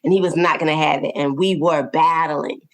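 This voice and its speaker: A woman with a low voice, talking as a podcast guest. She tells her story earnestly and warmly, laughing now and then and tossing in quick "okay?" and "right?" check-ins. Her delivery stays conversational and open. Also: fairly even intonation. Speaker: podcast guest, parenting coach.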